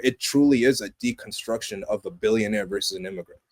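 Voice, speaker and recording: A young adult man co-hosting a podcast, chatting casually about a movie in an animated, passionate way that swings from loud excitement to low, earnest tones. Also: fairly quick. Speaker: podcast co-host. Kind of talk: casual movie review chat.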